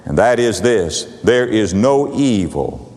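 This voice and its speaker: A man preaching a sermon with a dramatic cadence, repeating phrases and swinging from booming to hushed. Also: sing-song, slow. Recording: long hall reverb.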